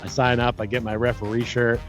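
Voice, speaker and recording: A man co-hosts a relaxed podcast and tells his stories with real animation, often laughing along. His voice sits right in the middle of the range. There is a faint bed of music under him. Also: medium pitch, a little fast. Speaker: podcast co-host. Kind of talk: casual podcast chat.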